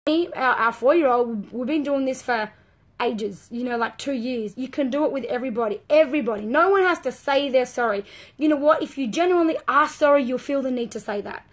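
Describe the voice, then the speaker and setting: A woman's voice: high-pitched, brisk. A woman, talking earnestly and emphatically as a parenting coach in a live video chat with viewers.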